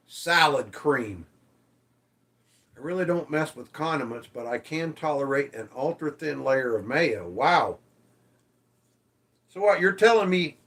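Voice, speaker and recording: A man hosting a casual livestream, reading viewer comments aloud and teasing them, swearing freely. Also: a little high. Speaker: livestream host.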